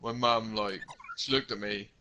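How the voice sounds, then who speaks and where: A man's voice: fairly low pitch, steady tone, moderate pace, pushed and bright, lo-fi sound, slight background noise. A man co-hosting a podcast, chuckling through a casual story. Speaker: podcast co-host. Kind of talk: casual chat.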